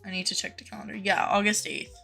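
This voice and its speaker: A woman's voice: medium pitch, level tone, fast talker, creaky, bright, forceful tone, soft background music. A young woman live-streaming a game, chatting casually with viewers, greeting them by name and gushing over cute things.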